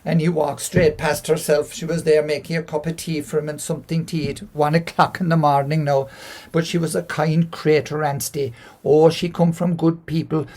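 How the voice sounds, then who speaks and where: A man's voice: on the high side, darkish tone. A man with an Irish accent telling a folk tale in a homely, conversational way with asides to the listeners. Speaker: storyteller. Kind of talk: oral folk storytelling.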